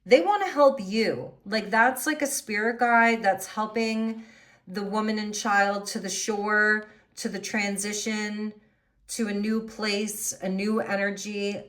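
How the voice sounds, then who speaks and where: A woman's voice: mid-range voice, steady tone, slow, fairly bright tone. A woman doing a tarot reading, musing and thinking aloud as she turns over the cards. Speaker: tarot reader.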